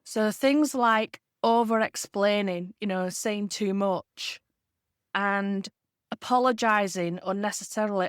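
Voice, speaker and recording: A woman's voice: mid-range voice, clear, resonant tone, dry recording. Earnest woman coaching, dry close sound. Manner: earnest, coaching tone with measured emphasis. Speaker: podcast host and leadership communication coach. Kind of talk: solo podcast monologue.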